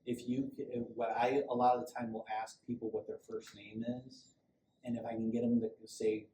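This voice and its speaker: Warm and brisk, the lowish voice of a middle-aged police sergeant holds a steady tone. He addresses a small group in an informal, conversational safety training talk, acting out brief quotes as he goes. The room is echoey, the mic distant, and there's a faint hiss.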